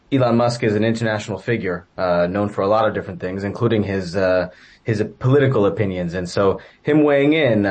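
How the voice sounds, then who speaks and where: A man speaking as an educator and interview guest, answering in measured, structured points with frequent uh and um. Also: lowish voice. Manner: measured, many fillers.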